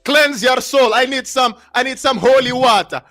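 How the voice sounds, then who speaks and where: A man hosting a casual live stream, talking in an excitable, repetitive, slangy hype style. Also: very high-pitched, moderate pace, faint music behind. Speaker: livestream host.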